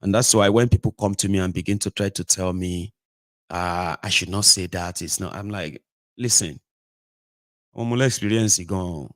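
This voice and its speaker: A Nigerian man talks straight to his audience from a home studio, lively and chatty, dropping into pidgin and acting out voices as he goes. His voice sits fairly low, and the sound is dry and close, with hardly any room around it. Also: moderate pace, no room sound. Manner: animated, mixes pidgin and Yoruba, acts out voices. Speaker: host. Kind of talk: casual livestream monologue.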